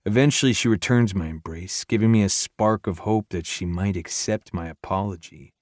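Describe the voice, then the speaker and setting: Low, earnest male audiobook narrator. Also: moderate pace, hardly any pauses, a little mellow, no echo, studio quality. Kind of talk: first-person romance narration.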